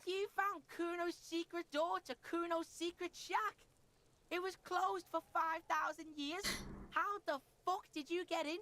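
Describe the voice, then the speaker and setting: A bratty swearing street kid from a game, super high squeaky voice, taunts everybody, faint hiss behind. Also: female voice, steady tone, unhurried, a bit bright. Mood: aggressive. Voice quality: aggressive, taunting, swears constantly. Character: foul-mouthed, belligerent street kid boy. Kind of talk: video game character dialogue.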